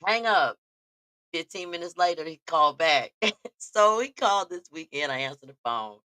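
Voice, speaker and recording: Animated, tense-voiced woman host. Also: sits low, normal speed, no room sound. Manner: animated, laughs often, talks straight to listeners. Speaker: podcast host. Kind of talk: casual storytelling chat.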